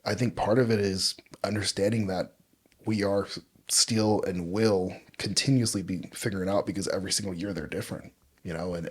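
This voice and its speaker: A man in his thirties co-hosting a family podcast, telling stories in a lively, joking way with frequent restarts. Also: deep voice, husky. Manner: animated storyteller, jokey, repeats himself. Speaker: podcast co-host. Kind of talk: casual chat.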